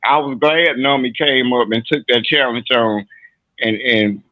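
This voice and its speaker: A man's voice: mid-range voice, fairly even intonation, unhurried, no room sound. A man on a live-stream debate panel, rambling casually with many repeated fillers. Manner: rambling, repeats "you know what I'm saying". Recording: tinny phone-line sound.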